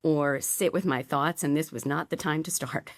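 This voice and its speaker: A middle-aged woman, a podcast guest, telling a personal story candidly with quick asides. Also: low-pitched, dry recording, studio quality.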